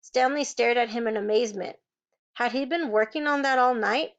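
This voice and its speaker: A woman's voice: on the high side, moderate pace, muffled recording. A woman reading a novel aloud, changing her voice to play each character. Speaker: reader.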